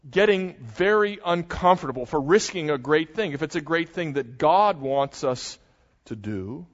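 An older man preaching a sermon and retelling a story with animated, dramatic storytelling. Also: a little high, a little slow. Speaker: pastor. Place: church sanctuary. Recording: muffled, long hall reverb.

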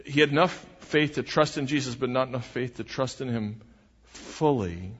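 A man's voice: mid-range voice, moderate pace. A man preaching a sermon as pastor, earnest and emphatic, often restarting his phrases. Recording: dull recording with long hall reverb.

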